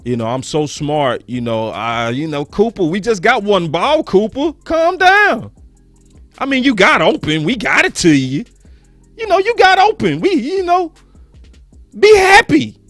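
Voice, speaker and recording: A man's voice: medium pitch, measured pace, few pauses, no room sound, faint music behind, pitched below the performer's own voice, natural voice. A man putting on the voice of a smug, condescending male football coach. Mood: mocking. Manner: condescending, dismissive.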